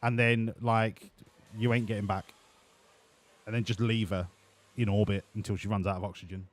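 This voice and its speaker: A man's voice: fairly low pitch, flat delivery, moderate pace. A man doing live-streamed gameplay commentary, profane, jokey and rambling. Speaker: game streamer.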